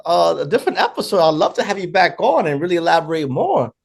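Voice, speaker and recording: A man's voice: on the high side, very animated, fast talker, vocal fry. A man hosting an interview, reacting expressively and laughing often. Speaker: podcast host. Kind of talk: casual interview conversation.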